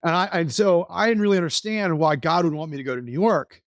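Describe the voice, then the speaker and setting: A man's voice: on the high side, quick pace, no room sound, studio quality. A man from Texas, a podcast guest, telling a personal story in an earnest, rambling way, often restarting sentences. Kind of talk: casual storytelling interview.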